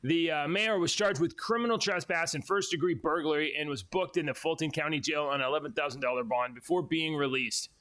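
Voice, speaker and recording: Male podcast co-host, slightly high voice, casual, jokey news reader. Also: fairly quick, hardly any pauses, fairly bright tone. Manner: laughs often, reads with mocking quoted voices. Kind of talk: casual chat, reading news stories aloud.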